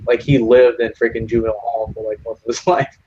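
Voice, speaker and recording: A man's voice: mid-range voice, level tone, fast, mellow, breathy edge. Swearing young man, lo-fi chat. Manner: swearing, acts out quotes in other voices. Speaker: lobby chat regular. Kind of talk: casual storytelling chat.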